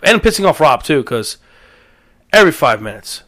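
A man's voice: mid-range voice, sing-song, normal speed, a bit bright. A man co-hosting a casual chat, adding details and swearing casually. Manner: casual, profane, chiming in. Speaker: podcast co-host.

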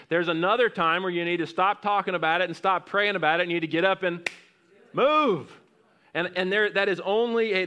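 A man preaching a sermon, reading scripture aloud and asking the congregation questions, swinging from loud rising exhortation to hushed near-whispers. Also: on the high side. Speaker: pastor.

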